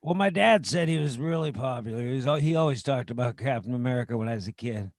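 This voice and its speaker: A man co-hosting a casual chat over a video call. He guesses movie quotes, chatty and quick to laugh. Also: mid-range voice, lively intonation, no room sound, studio quality. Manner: chatty, laughs between lines. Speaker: co-host.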